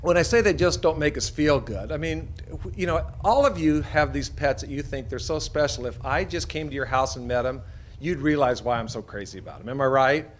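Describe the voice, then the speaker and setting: A middle-aged veterinarian from Idaho, USA, tells folksy anecdotes to an audience and acts out the voices of the people in his stories. His medium-pitched voice moves fairly quickly, with slight background noise in the recording.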